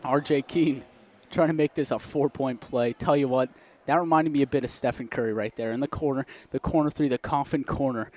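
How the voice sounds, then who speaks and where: Mid-range, fairly quick and darkish in tone, a young student commentator jokes his way through play-by-play of a college basketball game. He speaks into a close mic, laughs a lot, and sounds a little winded.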